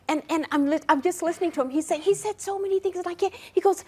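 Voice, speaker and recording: An older woman, a celebrity guest on a talk show, telling animated anecdotes and acting out voices in them. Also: very high voice, racing, few pauses. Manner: acts out voices in her stories, laughs often.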